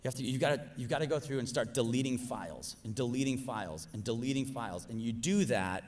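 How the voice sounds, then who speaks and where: A man, a pastor, preaching a sermon, pressing his listeners to answer and swinging from loud exhortation to hushed, soft lines. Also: mid-range voice, fast talker. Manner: calls on the congregation to answer.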